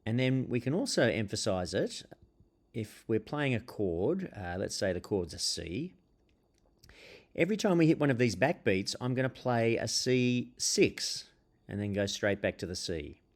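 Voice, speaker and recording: A man with a fairly low voice teaches ukulele rhythm. He explains at an easy pace, stopping for "uh" and "um", and counts the beats aloud as he strums. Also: a little slow. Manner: relaxed, hesitant, with frequent uh and um fillers.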